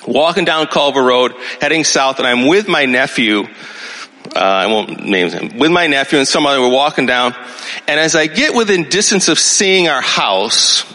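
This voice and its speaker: A man in his sixties preaching a sermon, telling a personal story in a conversational, animated way and checking in with his listeners. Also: on the high side. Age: 60s. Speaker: pastor. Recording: long hall reverb.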